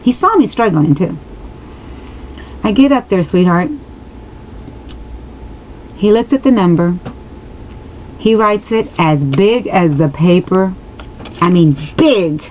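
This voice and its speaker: A woman's voice: fairly low pitch, lively intonation, takes it slowly, pauses often, a little mellow, a little hiss or hum, poor audio. A woman telling a personal story straight to her viewers, earnest and emotional, rambling with many restarts and asides. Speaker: vlogger answering viewers.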